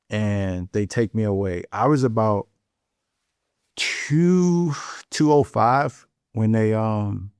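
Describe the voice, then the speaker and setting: A man's voice: fairly low pitch, a little mellow, dry recording, clean studio sound. A middle-aged man from St. Louis, a Marine veteran, telling a war story bluntly, with plenty of profanity. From St. Louis, USA. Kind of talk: storytelling in an interview.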